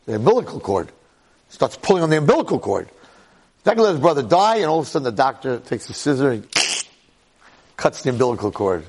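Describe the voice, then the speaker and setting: Male Torah lecturer, storytelling, animated, repeats himself, gravelly husky voice. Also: mid-range voice, quick pace, long pauses. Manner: animated, repeats phrases, checks in with "right?".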